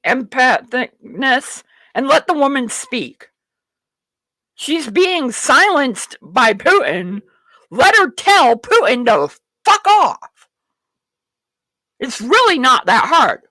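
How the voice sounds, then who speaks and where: High, lively woman host on a profane rant. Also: takes it slowly, pauses often, no room sound. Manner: blunt, profane, ranting; rambling with restarts and self-talk. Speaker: show host. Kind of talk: livestream commentary.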